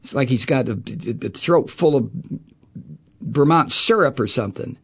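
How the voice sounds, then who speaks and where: A man's voice: mid-range voice, animated, moderate pace, breathy edge. Furious profane middle-aged man ranting. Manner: angry, profane, sarcastic. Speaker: talk radio host. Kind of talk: political rant.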